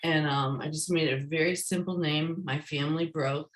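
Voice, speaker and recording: A woman's voice: low-pitched, fairly even intonation, normal speed, poor audio. A woman author being interviewed, speaking in a forthright, emphatic way. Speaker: guest, author. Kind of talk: interview conversation.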